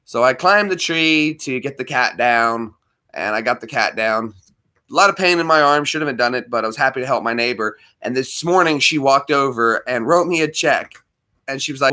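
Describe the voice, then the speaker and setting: A man's voice: mid-range voice, moderate pace, bright, forceful tone. A man chatting casually with viewers while streaming a game, rambling and friendly. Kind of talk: casual livestream chat.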